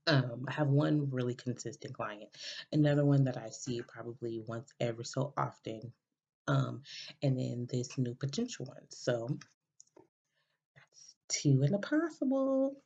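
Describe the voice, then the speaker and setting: A woman's voice: rumbling low, steady tone, normal speed, gravelly, a little mellow, husky. A woman hosting a podcast, telling a personal story in a rambling casual way, full of fillers and restarts. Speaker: podcast host. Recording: dull lo-fi recording.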